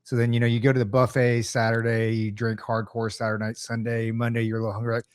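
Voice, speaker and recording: Fast-talking joking man. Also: medium pitch, monotone, clean tone, no echo. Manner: joking, teasing banter, quick to laugh. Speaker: podcast co-host. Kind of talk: casual chat.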